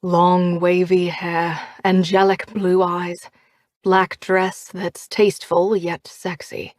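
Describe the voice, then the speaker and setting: A woman reading as a shy, smitten young man who speaks slowly and formally in an audiobook. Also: fairly low pitch, level tone, darkish tone, no room sound, studio quality. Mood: dreamy.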